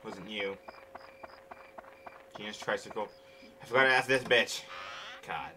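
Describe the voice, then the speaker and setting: This is a gaming channel host chatting casually through his gameplay, cursing frequently and complaining impatiently. He speaks unhurriedly in a lowish voice. Game music plays beneath him, and there is background noise.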